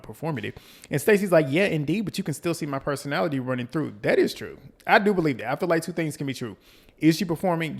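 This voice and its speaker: A man's voice: fairly high pitch, vocal fry. A man from the US South with a light North Carolina country twang, casually recapping and commenting on a reality show in a chatty, gossipy way. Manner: chatty, gossipy, quotes the cast in lively bursts.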